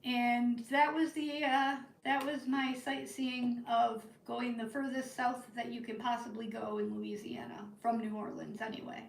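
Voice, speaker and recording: A woman telling a rambling story to her live chat from the northern United States, in an animated, chatty way. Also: on the high side, a little slow, gravelly, hardly any pauses, slight background noise. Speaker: live-stream crafting host. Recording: roomy, from a distance.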